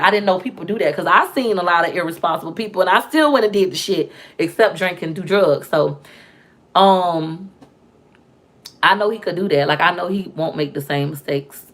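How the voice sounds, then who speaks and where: A woman's voice: sits low, fairly bright tone. A woman, telling her life story in a candid, emphatic vlog, often acting out what others said. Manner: emphatic, repeats phrases, acts out quotes of others. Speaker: vlogger.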